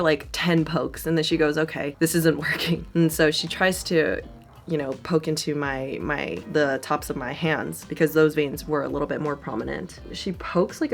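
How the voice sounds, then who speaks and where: A young woman vlogger telling a candid, casual story while getting ready, full of "like" fillers and casual swearing. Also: low-pitched.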